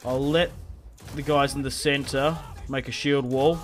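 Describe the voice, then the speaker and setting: A man's voice: medium pitch, steady tone, unhurried, a little hiss or hum. A young man giving casual gameplay commentary, chatting and muttering orders to his troops as he plays. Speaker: gaming video creator.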